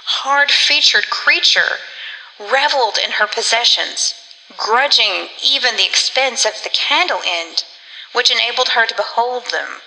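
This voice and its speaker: A woman reading a gothic story aloud as a narrator in measured storytelling. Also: medium pitch, pushed and bright. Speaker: audiobook narrator. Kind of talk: scripted narration. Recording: long reverb.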